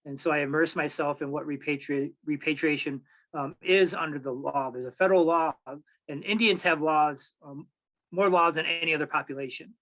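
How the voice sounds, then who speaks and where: A man in his forties from Michigan shares a personal story with a community audience. His voice sits slightly higher than most men's. He talks in a loose, conversational way, often stopping to find the next word. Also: poor audio. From Michigan, USA. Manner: relaxed, halting, many fillers and restarts. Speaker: tribal archives director, speaker.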